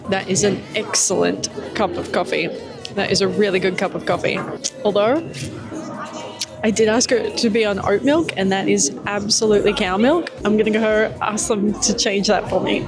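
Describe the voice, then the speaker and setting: A woman's voice: medium pitch, steady tone, moderate pace, music in the background. A young adult woman travel vlogger who talks in an enthusiastic, upbeat and descriptive way. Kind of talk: travel vlog narration.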